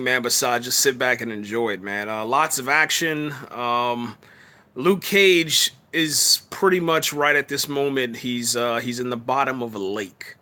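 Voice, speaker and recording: Casual male streamer reviewing episodes, relaxed and rambling, with a bright, forward tone. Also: mid-range voice, clean tone. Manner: laid-back, peppers talk with "man" and fillers. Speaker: TV show reviewer on a live stream. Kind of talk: casual live chat review.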